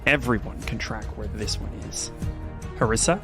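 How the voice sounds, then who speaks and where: A man running a tabletop game as game master, narrating the scene in a calm, measured way. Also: lowish voice, over music.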